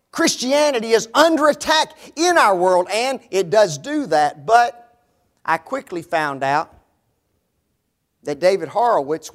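A man with a notably high voice preaching a sermon. He stresses his words hard and keeps throwing rhetorical questions at his listeners. His tone turns scornful when he repeats the phrases he is arguing against. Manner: emphatic, rhetorical questions to the audience, mocking quoted phrases.

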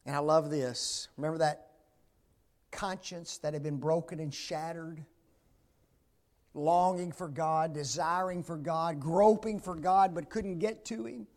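A man preaching a sermon, swinging between loud emphatic peaks and hushed near-whispers and asking the congregation frequent rhetorical tag questions. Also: on the high side, unhurried.

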